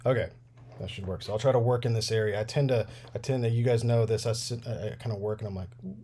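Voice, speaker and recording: A man's voice: lowish voice, steady tone, fast talker, mellow, slight background noise. A man in his thirties casually chatting as he repairs action figures on a livestream, rambling and laughing often. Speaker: toy repair livestream host. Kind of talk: casual livestream chat while working.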